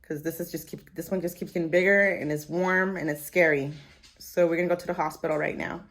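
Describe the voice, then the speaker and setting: Female vlogger, bright voice, anxious rambling rant to camera. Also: fairly low pitch, steady tone, a little fast. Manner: upset, rambling, swears freely. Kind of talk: casual personal vlog, venting. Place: at home, dog nearby.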